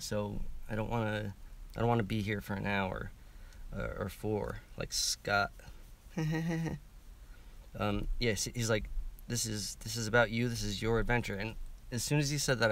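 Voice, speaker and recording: A man in his thirties talking casually on a livestream, halting and repeating himself, swearing often. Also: lowish voice, gravelly, a bit bright. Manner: halting, many restarts and swearing. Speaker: livestream participant. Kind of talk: emotional casual livestream talk. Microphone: webcam or phone camera.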